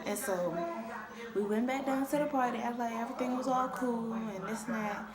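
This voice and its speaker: A woman's voice: on the high side, normal speed, over a noisy crowd. A young adult woman casually rambling through a personal story as a vlogger, in a loose, conversational way. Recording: echoey room with loud background noise.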